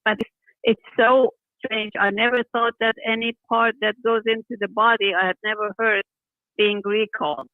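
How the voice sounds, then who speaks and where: A woman's voice: on the high side, flat delivery, moderate pace, dry recording. An older woman answering a phone call, hesitant and weary as she talks about her troubles. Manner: hesitant, soft-spoken, weary. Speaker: person called by phone. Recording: tinny phone line.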